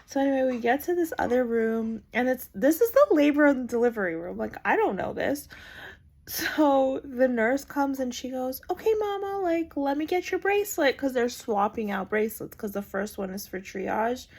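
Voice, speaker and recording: A woman's voice: fairly high pitch, normal speed, vocal fry, darkish tone, husky. A young adult woman casually telling a personal story, chatty and full of "like" fillers. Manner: chatty, lots of "like" fillers, acts out quoted voices. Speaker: vlogger telling her birth story.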